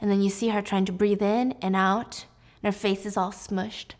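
A woman's voice: medium pitch, normal speed. Chatty young woman recapping a story. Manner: lively, emphatic, chatty. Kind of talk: casual spoken recap.

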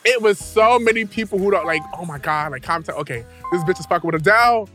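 A young man from New York co-hosting a casual chat, cutting in with quick, emphatic, sassy remarks. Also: sits high, animated, bright, forceful tone, soft background music. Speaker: podcast co-host.

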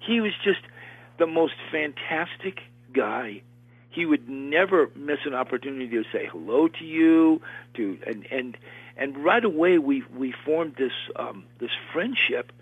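An older man, an actor, telling an animated story in a casual interview, with lots of restarts and acted-out quotes. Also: on the high side, a little slow, breathy edge, no room sound. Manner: animated, repeats and restarts, acts out quoted voices. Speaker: actor guest recalling film work. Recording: tinny phone-line sound.

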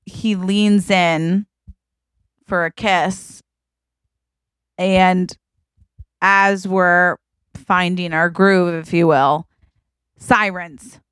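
A woman's voice: fairly low pitch, steady tone, extremely slow, long pauses, fairly bright tone, clear, resonant tone, no room sound. A woman co-hosting a podcast, telling a story in casual chat, laughing often and acting out what people said. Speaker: podcast co-host.

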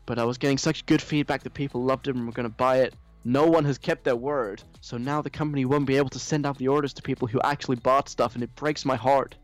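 A man's voice: medium pitch, fairly even intonation, fast talker, few pauses, faint music behind, natural voice. A man voicing an entitled, whiny young woman influencer with a put-on American accent, gushing and self-pitying.

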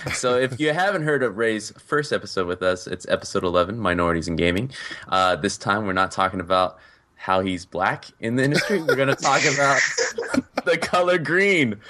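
A man's voice: on the low side, sing-song, normal speed, bright, forceful tone. A man co-hosting a podcast in casual chat, laughing often and asking rambling questions. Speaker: podcast co-host.

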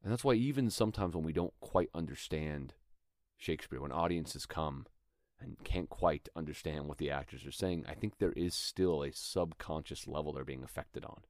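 A man with a very low, deep voice talks through acting technique in a relaxed, thoughtful way. He sounds like a podcast host teaching his listeners, and now and then he reads a line aloud as an example. The sound is dry and close, with no room around it. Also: normal speed, no room sound. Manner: thoughtful, conversational, demonstrates lines aloud. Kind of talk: instructional talk.

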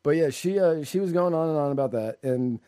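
A man's voice: fairly high pitch, expressive, brisk, mellow, clean tone. A man co-hosting a casual political podcast, talking sarcastically and in rambling runs. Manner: sarcastic, rambling, laughs often. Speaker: co-host.

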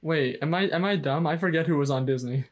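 A man's voice: on the high side, fast talker. A man co-hosting a podcast, rambling and hesitant, often laughing mid-sentence as he chats about a show. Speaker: podcast co-host. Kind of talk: casual chat recapping a show.

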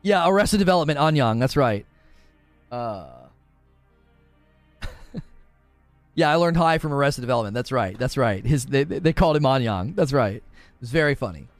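Lively-pitched man chatting on a stream. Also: normal speed, pauses often, no echo, faint music behind. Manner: chatty, laughs often, reads chat aloud. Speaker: streamer host. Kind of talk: casual live-stream chat.

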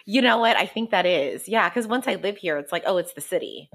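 A woman's voice: medium pitch, expressive, a little fast, a bit bright. A woman guest on a podcast, chatting casually with hesitant phrasing and frequent fillers. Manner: hesitant, laughs often, many fillers. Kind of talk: casual chat.

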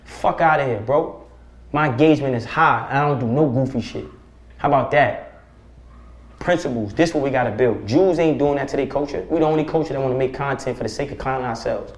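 A man speaking as a podcast guest, preaching forcefully with profanity and rhetorical questions. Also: mid-range voice, brisk. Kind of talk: impassioned podcast conversation. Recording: roomy echo.

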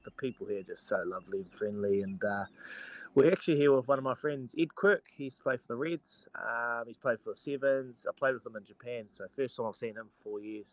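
A former rugby player, co-hosting a relaxed sports chat remotely from his holiday, spins lively stories punctuated by frequent laughter. He speaks fairly quickly in a medium-pitched voice, and the recording is dry and dull.

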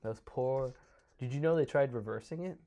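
A man's voice: mid-range voice, moderate pace, warm tone. A man hosting a podcast, reading notes in a casual, joking way with small stumbles. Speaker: podcast host.

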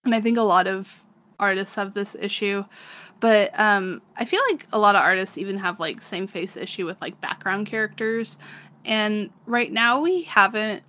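A woman's voice: mid-range voice, moderate pace. Chatty woman in casual talk. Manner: relaxed, chatty, filler-heavy. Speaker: podcast co-host. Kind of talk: casual chat about manga.

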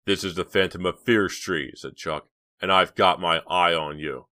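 A man voicing a reckless teenage boy prankster in an audiobook, with slow, drawn-out, menacing delivery. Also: low-pitched, fairly even intonation, pushed and bright, no room sound, clean studio sound. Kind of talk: audiobook character voice.

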